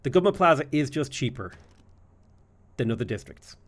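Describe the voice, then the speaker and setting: Lively Irish man streaming a strategy game. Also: mid-range voice, brisk. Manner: joking banter with chat. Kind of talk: live gameplay commentary.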